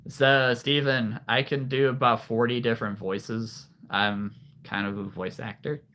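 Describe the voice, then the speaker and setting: A man's voice: mid-range voice, steady tone, a little slow, fairly bright tone, a little hiss or hum. A man from Nebraska, a livestream host chatting casually with viewers, laughing often. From Nebraska, USA. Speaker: livestream host showing a creature collection.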